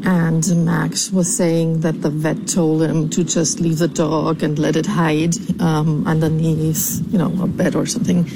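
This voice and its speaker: A woman calling in to a podcast with a recorded voicemail, speaking deliberately with frequent ums. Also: sits low, flat delivery, vocal fry, background noise. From California. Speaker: caller.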